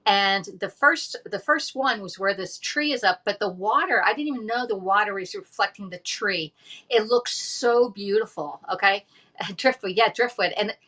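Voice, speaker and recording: A woman's voice: medium pitch, moderate pace, a bit bright. A woman, chatting casually on a livestream from home and rambling through a story with lots of fillers. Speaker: livestream host.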